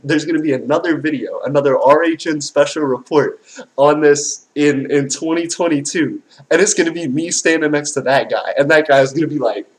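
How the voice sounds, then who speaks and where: A man hosting a live stream, reacting with animated, slangy, excitable chatter and reading out viewer comments. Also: a little high, normal speed, low-quality recording. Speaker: livestream host.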